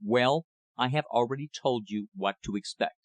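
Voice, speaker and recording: A man voicing an older, thin-faced country rector with a slow clerical drawl and a cynical edge. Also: mid-range voice, no echo, close to an everyday voice. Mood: grave, warning.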